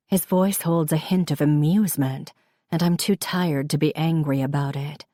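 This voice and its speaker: Low-voiced woman narrating a novel. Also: steady tone, moderate pace, warm tone, dry recording, studio quality. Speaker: audiobook narrator. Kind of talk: first-person scripted narration.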